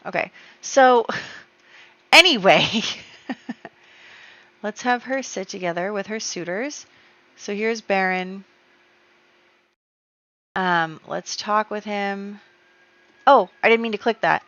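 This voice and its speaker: A woman's voice: medium pitch, slow pace, pauses often, a bit bright. Chatty woman narrating a game story. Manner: chatty, storytelling, many fillers. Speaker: gameplay YouTuber. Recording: dull lo-fi dry sound.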